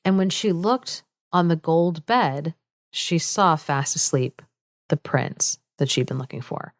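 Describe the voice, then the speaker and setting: A woman co-host retells a fairy tale in an easy, chatty manner, scattering "like" and asides through her lines and laughing often. Her voice sits a little low for a woman. The recording is close and dry. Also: expressive, unhurried, dry recording. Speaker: podcast co-host. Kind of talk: casual storytelling chat.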